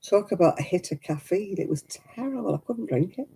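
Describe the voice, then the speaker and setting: A woman's voice: mid-range voice, lively intonation, a little fast, creaky, mellow, a little hiss or hum, low-quality recording. A middle-aged woman chatting casually at home while she crafts. She tells stories and laughs often. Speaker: craft vlogger.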